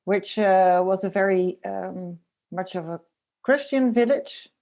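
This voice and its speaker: A woman from the Netherlands, a designer, speaking as a guest in a casual podcast interview. She talks thoughtfully, pausing often to search for words. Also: medium pitch, darkish tone. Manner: thoughtful, hesitant, many ums and pauses.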